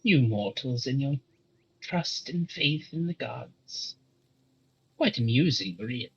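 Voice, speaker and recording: Old hag, scheming and mocking, played by a man, slow and breathy. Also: mid-range voice, lively intonation, muffled recording, full character voice. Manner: sly, taunting.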